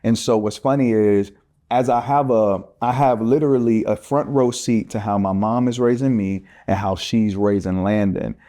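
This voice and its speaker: Podcast co-host, male, thirties, lively storyteller, mellow low tone. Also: normal speed. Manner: animated, acts out quoted voices, laughs often. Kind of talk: casual storytelling.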